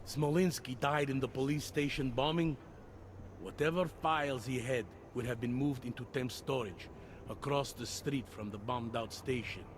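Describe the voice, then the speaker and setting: An actor playing a world-weary middle-aged police detective in a video game, dry and matter-of-fact. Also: male voice, mid-range voice, slight background noise, natural voice.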